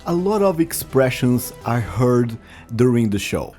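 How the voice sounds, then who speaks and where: Slow, mellow-voiced male teacher. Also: mid-range voice, sing-song, soft background music. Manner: slow, careful, repeats phrases to demonstrate. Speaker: English teacher. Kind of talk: language lesson.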